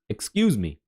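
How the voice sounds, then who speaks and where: A jet-lagged male streamer giving relaxed, rambling reaction commentary with chatty asides. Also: high voice, gravelly, slightly rough. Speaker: streamer reviewing a developer stream.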